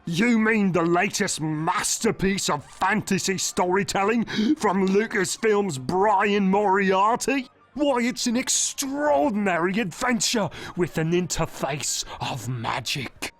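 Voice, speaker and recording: Game pirate, talks like an ad, high and unhurried. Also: male voice, animated, exaggerated voice. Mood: gushing. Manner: gushing, salesy pitch. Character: chatty pirate who turns into a salesman.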